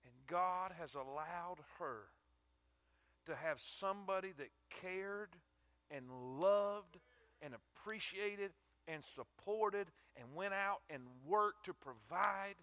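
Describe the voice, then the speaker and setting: A man's voice: high-pitched, takes it slowly, pushed and bright, no echo. A man preaching a sermon in an emphatic, emotional way, often repeating his words.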